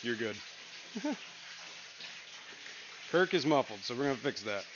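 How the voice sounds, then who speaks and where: A man's voice: mid-range voice, animated, measured pace. A man chatting casually on a home livestream in his fish room, rambling with lots of fillers. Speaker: livestream co-host. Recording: dull lo-fi stream audio with room noise.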